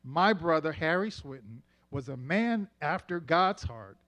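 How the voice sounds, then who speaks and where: A man giving a spoken church testimony, measured and heartfelt, speaking slowly and deliberately. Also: fairly high pitch, sing-song, a bit bright. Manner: slow, heartfelt, measured delivery.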